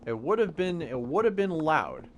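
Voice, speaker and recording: A man's voice: fairly high pitch, big pitch swings, moderate pace, a little hiss or hum. A young man live-streaming a game, casually and patiently explaining science questions from chat.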